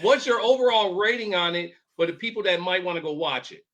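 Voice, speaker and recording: A podcast co-host chats casually, asking questions and offering his opinions. He speaks briskly in a high-pitched voice, with a crowd audible in the background.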